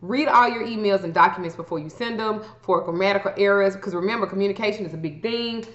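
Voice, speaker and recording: A woman's voice: mid-range voice, fast. A woman giving astrology advice in a blunt, profane, casual rant. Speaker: astrology vlogger. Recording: echoey room, dull lo-fi sound.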